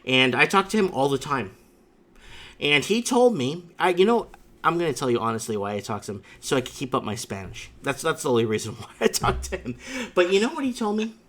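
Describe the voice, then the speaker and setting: A man's voice: fairly high pitch, big pitch swings, fairly quick, a bit bright. A man hosting a livestream, chatting with a caller and telling stories in a rambling, emphatic way with frequent asides. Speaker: livestream host. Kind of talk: casual chat with a caller.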